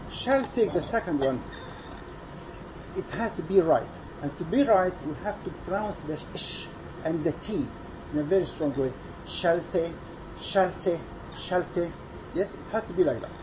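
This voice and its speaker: Man coaching a choir. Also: high-pitched. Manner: mixes English with Arabic, coaching and demonstrating by singing. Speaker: choir conductor. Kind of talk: choir rehearsal instruction. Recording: lo-fi with noise behind.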